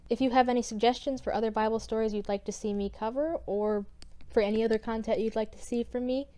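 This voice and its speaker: A woman's voice: mid-range voice, mellow. Irreverent young woman retelling a story. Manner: irreverent, swearing, wry. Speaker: YouTuber. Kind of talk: casual storytelling retelling of scripture.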